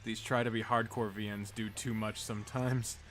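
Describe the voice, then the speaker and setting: A man's voice: fairly low pitch, level tone, moderate pace. A man casually commenting on a game during a live stream, joking, laughing and swearing freely.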